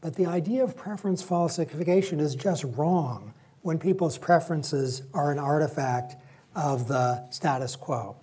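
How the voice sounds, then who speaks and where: Brief: male lecturer, mellow husky voice, reflective and conversational. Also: fairly high pitch, measured pace. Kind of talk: public lecture with personal stories.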